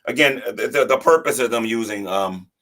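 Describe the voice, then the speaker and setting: A man's voice: medium pitch, moderate pace, fairly bright tone. A man hosting a livestream who gives casual, defensive commentary and often repeats himself and restarts his sentences.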